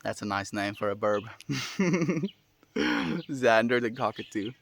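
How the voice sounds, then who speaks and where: A man hosting a daily livestream, reading chat comments aloud and answering them in a relaxed, friendly way with lots of fillers. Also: on the low side, normal speed, a little hiss or hum. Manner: relaxed and friendly, many fillers, laughs often. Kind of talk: casual chat.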